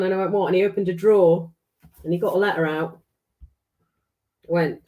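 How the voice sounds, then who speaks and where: A woman's voice: on the low side, level tone, fairly quick, pauses often, a little mellow. A middle-aged woman from England, chatting casually as a podcast guest, swearing freely and acting out the dialogue in her stories. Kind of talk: casual storytelling chat.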